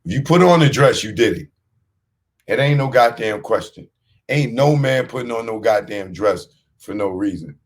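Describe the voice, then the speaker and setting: A man's voice: medium pitch, expressive, moderate pace. A man hosting a show, giving blunt, streetwise commentary on a clip he has just played. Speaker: podcast host.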